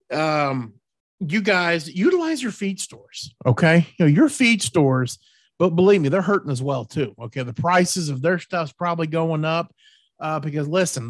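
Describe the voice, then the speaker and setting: A man's voice: fairly high pitch, dry recording. Folksy man, dry close sound. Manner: folksy, repeats words, pushy about tips. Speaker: host of a hunting show. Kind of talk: casual podcast chat.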